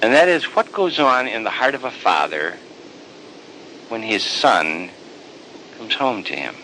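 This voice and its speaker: A man voicing a loving older father who speaks to his son softly and tenderly, with halting repeats. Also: lowish voice, animated, slight background noise, pitched below the performer's own voice, exaggerated voice, low-quality recording.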